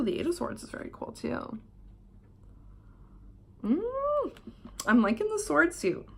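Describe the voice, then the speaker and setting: A young adult woman from Canada, chatting casually through a tarot deck unboxing in a hotel room, swearing offhandedly and drifting into soft asides. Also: mid-range voice. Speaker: tarot vlogger. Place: hotel room while travelling.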